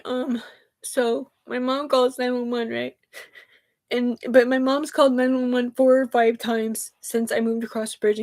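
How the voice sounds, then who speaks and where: A woman's voice: on the high side, darkish tone. A woman talking on a livestream in an agitated, rambling way, swearing a lot, restarting sentences and addressing her listener as sir, upset and sighing. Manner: agitated, profane, run-on talk with many restarts.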